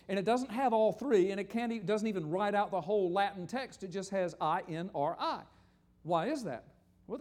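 An older man preaching a sermon, animated and joking, often asking the audience questions. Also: high-pitched. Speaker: pastor. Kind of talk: sermon teaching with slides.

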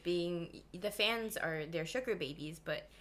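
A young woman in casual chat with friends, joking and trailing off quietly. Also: fairly low pitch, measured pace.

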